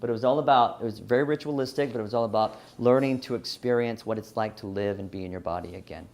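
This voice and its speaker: A man's voice: fairly low pitch, fast, gravelly, darkish tone. A man from Louisiana with a Southern twang, giving a personal story talk, earnest and often restarting himself. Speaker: speaker.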